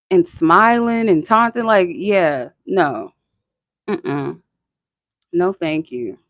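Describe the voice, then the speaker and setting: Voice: mid-range voice, no room sound. A channel host talking in a casual, rambling and profane way, full of "like" and laughter. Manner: frequent filler "like" and laughter. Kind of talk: casual chat.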